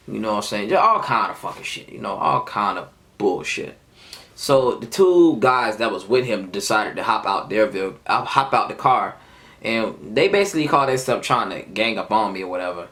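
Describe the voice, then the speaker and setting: A man's voice: on the low side, normal speed, vocal fry. A man in his twenties telling a heated, profane story of a fight at work in a casual vlog. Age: 20s. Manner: animated, profane, heated retelling. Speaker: vlogger.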